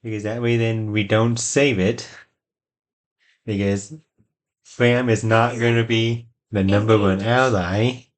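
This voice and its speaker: A man giving casual, low-key commentary on a video game as he plays. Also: steady tone, slow pace, pauses often. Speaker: gameplay channel host.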